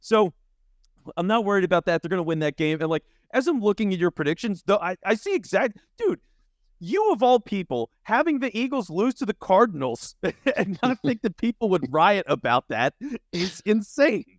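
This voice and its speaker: A man's voice: high-pitched, normal speed, no room sound, studio quality. A man co-hosting a casual sports podcast, confident and teasing as he pushes back on his partner. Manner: confident, teasing, lively delivery. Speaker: podcast co-host.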